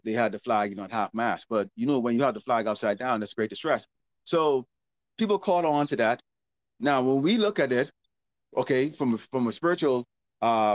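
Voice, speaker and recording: A man's voice: medium pitch, no echo. A man preaching a sermon and reading scripture, asking rhetorical questions that he answers himself. He repeats words and keeps checking in with "okay?". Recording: dull lo-fi dry recording.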